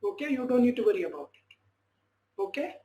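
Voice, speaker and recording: High-voiced male tutor, echoey call. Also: sing-song, moderate pace, mellow. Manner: reassuring, repeats "fine" and "okay" as check-ins. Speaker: IELTS speaking tutor. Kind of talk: online class teaching. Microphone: video call. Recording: echoey room with faint noise.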